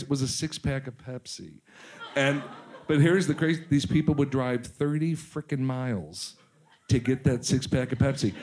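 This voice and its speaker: A man's voice: fairly high pitch, darkish tone. A man in his forties, a guest telling stories in casual chat, joking and self-mocking. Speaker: podcast guest, actor.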